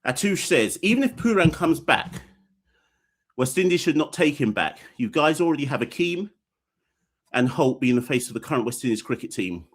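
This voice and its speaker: A man's voice: a little high, normal speed, slightly rough. Guy hosting a live cricket stream, reading super chats, joking and opinionated, voice bounces all over. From Caribbean. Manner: joking, playful fake fitness-instructor bit; animated, blunt opinions with slang. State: out of breath. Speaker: podcast host.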